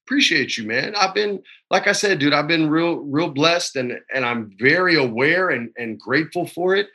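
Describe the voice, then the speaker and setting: Bright-voiced man telling a story. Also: fairly high pitch, lively intonation, normal speed. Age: 40s. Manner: emotional, choked up while storytelling; laid-back, says man and dude a lot. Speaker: actor guest. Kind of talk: casual interview chat. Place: his home.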